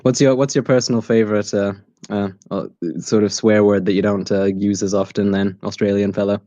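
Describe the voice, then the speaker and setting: A man's voice: fairly low pitch, level tone, brisk, mellow, dry recording. A man with a Yorkshire accent, chatting and joking on a livestream with lots of fillers. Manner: rambling, joking, many fillers. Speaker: livestream host. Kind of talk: casual chat. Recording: dull lo-fi stream audio.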